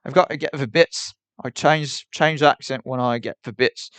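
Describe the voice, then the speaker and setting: A man's voice: mid-range voice, steady tone, moderate pace, few pauses, fairly bright tone, no room sound. A young man chatting casually on a livestream in a rambling, wry way, with mock-formal phrasing.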